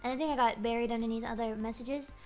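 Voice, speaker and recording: A woman streamer chatting casually in a joking, rambling, animated way. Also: a little high, fast talker, faint music behind. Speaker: VTuber streamer.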